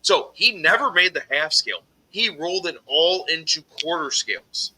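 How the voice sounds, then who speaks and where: A man on a collectors' live stream telling a heated story, swearing heavily and loudly acting out his own angry replies. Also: fairly high pitch, lively intonation, moderate pace, husky, low-quality recording. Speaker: podcast host telling a story. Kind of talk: casual live stream chat.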